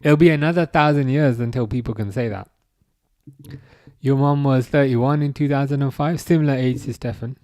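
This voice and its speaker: A man in his thirties hosting a live stream, chatting casually and reading out viewer comments with halting restarts and dry jokes. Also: medium pitch, darkish tone, no room sound. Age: 30s.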